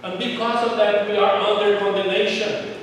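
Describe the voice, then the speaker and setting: A man's voice: high-pitched, flat delivery, moderate pace. A man preaching a sermon as pastor, earnest, often repeating phrases and restarting sentences. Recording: echoey hall, distant mic, faint noise.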